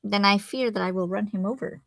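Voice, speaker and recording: A middle-aged woman co-hosting a livestream, telling a story in a relaxed way with many fillers. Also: medium pitch, fairly quick, gravelly, no echo. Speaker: co-host of a livestream. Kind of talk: casual chat.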